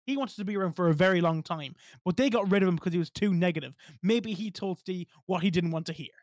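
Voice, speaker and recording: Male guest, high voice, dry close sound, blunt, emphatic, swears freely. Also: fast, dry recording. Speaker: podcast guest. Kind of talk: casual podcast chat.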